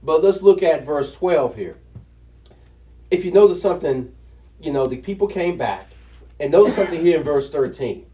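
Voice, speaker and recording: A man with a high voice leads a Bible study. He reads passages and then breaks them down in a lively, chatty way, asking his listeners questions. He sits a bit back from the microphone, so he sounds distant. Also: normal speed, long pauses. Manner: conversational and animated, chuckles, rhetorical questions to the listeners. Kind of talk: Bible teaching, scripture reading with commentary.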